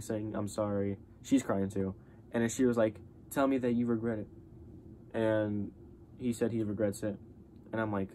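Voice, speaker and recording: A man's voice: mid-range voice, a little hiss or hum. A young man giving a casual spoken review of a TV show, rambling with many fillers and restarts.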